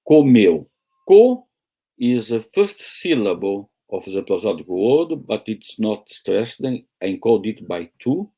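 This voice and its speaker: Slow, halting male lecturer. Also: fairly low pitch, very animated, mellow, slightly rough. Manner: slow, halting, with many pauses and fillers. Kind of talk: academic lecture. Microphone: video call.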